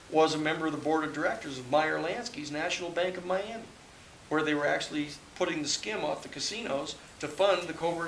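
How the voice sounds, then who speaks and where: A man's voice: a little high, vocal fry, fairly bright tone. A man, a public interest lawyer, telling stories at length at a book talk with audience questions, rambling with many restarts and fillers. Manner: rambling storyteller, many restarts and "you know". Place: hall with live audience. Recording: echoey hall, faint hiss.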